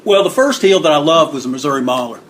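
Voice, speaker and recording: A man's voice: lively intonation, fast, fairly bright tone, slight background noise. A man being interviewed about the wrestling book he wrote, telling long casual stories and acting out quotes in a raised voice. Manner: rambling, acts out quotes with raised pitch. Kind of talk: casual storytelling.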